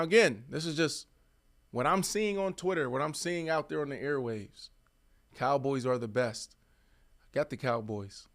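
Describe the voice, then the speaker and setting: A man in his thirties, a former wide receiver co-hosting a sports show, arguing his points emphatically in casual debate. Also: medium pitch. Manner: emphatic, animated, repeats himself.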